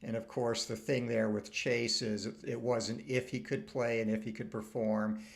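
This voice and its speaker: Halting, gravelly male host. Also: mid-range voice, little pitch movement. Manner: halting, filler-heavy, enthusiastic. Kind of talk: casual commentary.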